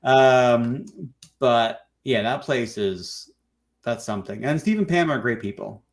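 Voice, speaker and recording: Relaxed, rambling man as an interview guest. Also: mid-range voice, measured pace. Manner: relaxed, rambling, many fillers. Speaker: documentary filmmaker guest. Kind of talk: casual interview chat.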